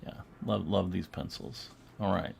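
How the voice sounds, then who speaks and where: A man co-hosting a casual online chat about comic book art, chatty and quick to laugh, now and then reading captions aloud in mock voices. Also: low-pitched, gravelly, a little mellow, a little hiss or hum. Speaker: museum co-host.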